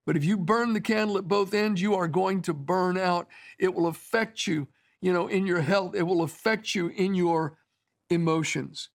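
A man with a notably high voice and a gravelly edge, preaching a sermon. He talks to his listeners in a conversational, storytelling way, with frequent asides. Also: normal speed.

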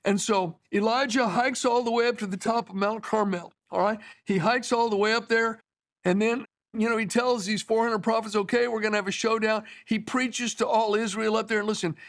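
A man's voice: high voice, steady tone, moderate pace. A man preaching a sermon in a conversational, storytelling way, often restarting his phrases.

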